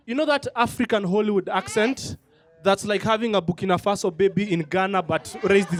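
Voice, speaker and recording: A man's voice: high voice, brisk. A man doing a stand-up comedy set on a comedy club stage, mocking and playful. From Kenya. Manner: mocking, slips into put-on accents.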